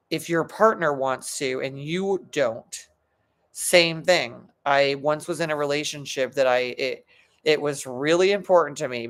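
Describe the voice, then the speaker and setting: A middle-aged woman, a psychologist and coach, giving a motivational talk in an earnest, emphatic way, often restarting her sentences. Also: very deep voice.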